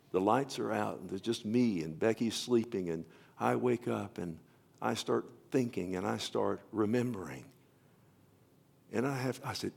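Older male preacher, gravelly and impassioned, sermon delivery. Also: mid-range voice. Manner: impassioned, swinging from loud to hushed.

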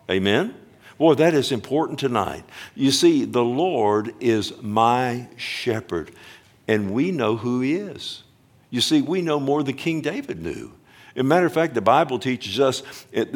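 A man preaching a Wednesday night sermon in church, calling for amens and slowing down to stress scripture. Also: mid-range voice. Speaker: pastor.

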